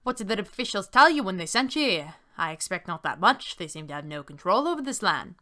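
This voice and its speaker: A woman voicing an eager young bearded male soldier in a text game, reading his lines in a keen, lively way. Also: low-pitched, brisk, heavily acted.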